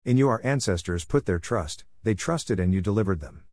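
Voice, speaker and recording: A man reading a devotional essay aloud in a measured, earnest manner. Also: lowish voice, lively intonation, a little mellow, no room sound. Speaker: reader.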